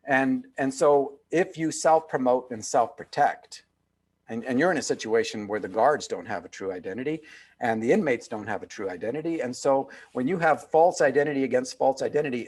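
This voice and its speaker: Husky-voiced man talking earnestly. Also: mid-range voice, expressive, fairly quick, darkish tone. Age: over 50. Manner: earnest, emphatic, repeats phrases for weight. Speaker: author and guest. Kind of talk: reflective interview talk. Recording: video call.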